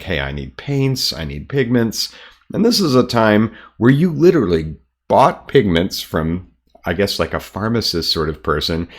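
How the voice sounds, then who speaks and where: An American man, an artist and art teacher, talking casually to camera in his studio, relaxed and chatty with frequent ums. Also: lowish voice. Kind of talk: casual explanatory talk to camera.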